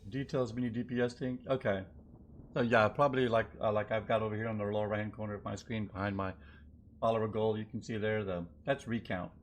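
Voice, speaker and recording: A man's voice: on the low side, flat delivery, fast talker, slight background noise. A man streaming a game live, chatting and thinking aloud in a loose, rambling way as he plays. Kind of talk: live gameplay commentary.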